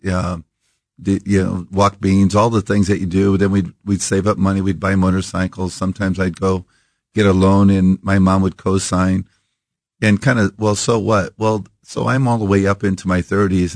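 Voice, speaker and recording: A man in his fifties from Iowa muses as an interview guest, circling back and restarting his thoughts. His voice sits very low with a gravelly fry. The studio sound is dry and close. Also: darkish tone, no echo. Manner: reflective, rambling with restarts. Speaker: coffee company founder, guest. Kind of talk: casual interview. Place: radio studio.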